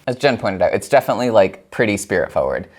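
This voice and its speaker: A man hosts a casual cocktail show, talking through each step in a playful, chatty way and laughing easily. He speaks fast, and his pitch leaps around in big swings.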